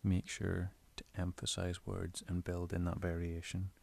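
A man in his bedroom giving casual spoken tips on voice recording, explaining in a relaxed, rambling way. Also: deep voice, a little slow, gravelly. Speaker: audio creator giving tips. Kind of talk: casual instructional talk.

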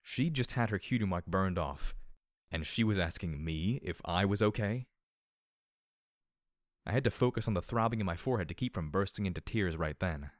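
A man narrating a first-person audiobook in a steady, measured storytelling manner. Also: low-pitched, dry recording, studio quality.

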